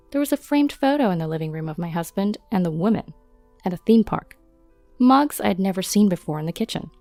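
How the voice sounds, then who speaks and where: A woman narrating a first-person story in a steady, matter-of-fact way. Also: mid-range voice, no echo.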